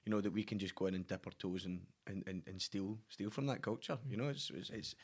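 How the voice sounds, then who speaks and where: Scottish man, middle-aged, casual chat; low voice, rapid, enthusiastic, restarts often. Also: breathy edge. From Scotland. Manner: enthusiastic, lots of "you know" and restarts.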